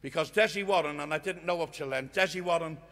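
An older man giving an impassioned storytelling speech at a union conference, earnest and swinging from hushed to loud. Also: on the high side, quick pace. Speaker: guest speaker at a union conference. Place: conference hall. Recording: long reverb of a conference hall.

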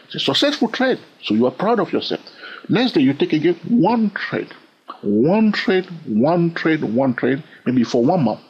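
A man with a French-influenced accent, teaching a trading lesson in an animated way and often checking in with "all right?". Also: on the high side, moderate pace, breathy edge. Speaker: trading instructor. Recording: dull lo-fi recording.

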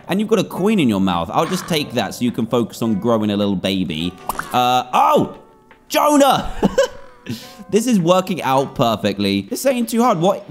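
A gaming channel host with a medium-pitched voice provides let's-play commentary, chattering away and exclaiming at the animals in the game.

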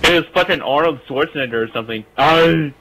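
A man's voice: fairly high pitch, quick pace, crowd noise, poor audio. A man in a multiplayer gameplay chat, offhand and tossing out dry jokes. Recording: voice chat over game noise.

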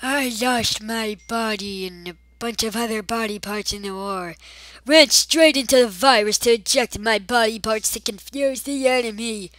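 A woman's voice: fairly high pitch, moderate pace, a bit bright, no room sound, natural voice. A woman voicing a battle-scarred game blob who tells mock-dramatic war stories. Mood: boastful.

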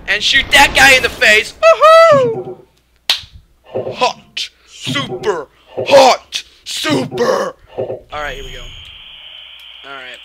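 A young man commenting on a video game, excitable and given to sudden yelps and shouted exclamations. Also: high voice, noisy background. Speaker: gamer doing commentary. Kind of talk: let's play commentary.

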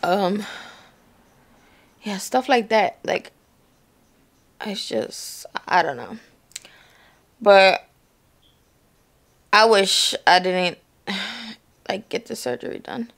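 Worn-out woman with a gravelly voice. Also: medium pitch, expressive, extremely slow, long pauses, fairly bright tone. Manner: slangy, blunt and swearing, trailing off. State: in pain after surgery, worn out. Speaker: vlogger. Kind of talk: casual chat to camera. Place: at home.

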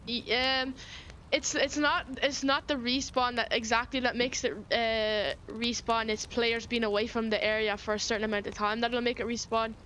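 A woman's voice: a little high, flat delivery, normal speed, sharp tone, slight background noise. An Irish woman streaming a game, chatting casually, swearing freely and often restarting her sentences. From Ireland.

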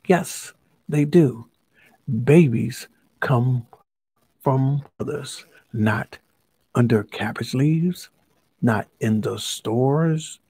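A man's voice: mid-range voice, very slow, pauses often, warm tone, breathy edge, no echo, exaggerated voice. A man voicing a talkative, proud male stork postmaster in a children's storybook, reeling off rhyming lists. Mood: insistent. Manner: chatty, lists things in rhymes.

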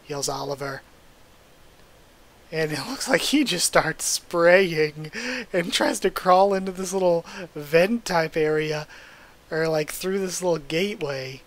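A young man hosting a comic readthrough, narrating and reacting in an animated, openly emotional way. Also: on the high side, unhurried. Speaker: channel host reading a comic.

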